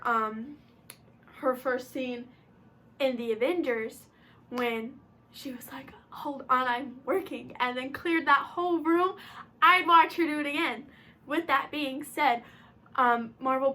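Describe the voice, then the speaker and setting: Young female vlogger, high and sharp-toned, gushing and excitable, half-shouting when fired up. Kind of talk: casual chat to camera. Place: room at home.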